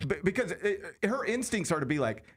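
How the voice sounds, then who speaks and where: A man's voice: high-pitched, brisk, husky. Sports radio guy chatting in studio, voice jumps up and down a lot, acts out the quotes. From Alabama. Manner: lively storyteller, acts out quotes. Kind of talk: casual studio chat.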